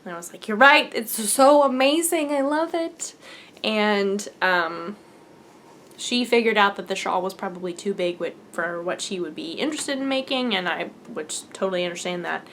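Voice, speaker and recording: Gushing, excitable woman podcaster. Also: on the low side, normal speed, a little hiss or hum. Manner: gushing and excitable, often dropping to a near whisper. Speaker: podcast host. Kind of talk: casual podcast chat showing yarn to camera.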